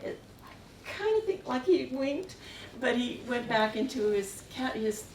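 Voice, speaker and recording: A woman's voice: on the high side, animated, measured pace. A woman telling a rambling story from across an echoey room. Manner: meandering, with frequent chuckles. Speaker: artist giving a talk. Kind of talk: anecdotal storytelling. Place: museum gallery room. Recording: echoey room, distant mic, faint hiss.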